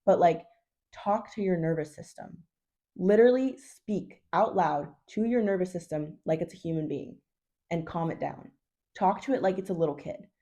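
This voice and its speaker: A woman coach talks straight to camera in a loose, unpolished vlog style, blunt and peppered with swearing and endless "like"s. Her voice sits a little low, with a warm, mellow tone. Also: normal speed. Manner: blunt, chatty, swears, says 'like' constantly. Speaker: hormone health coach. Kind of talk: casual advice vlog.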